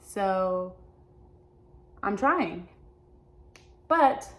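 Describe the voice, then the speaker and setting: A young adult woman talking openly in a personal vlog, halting and hesitant, often restarting her sentences. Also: medium pitch, expressive. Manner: earnest and open. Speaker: vlogger.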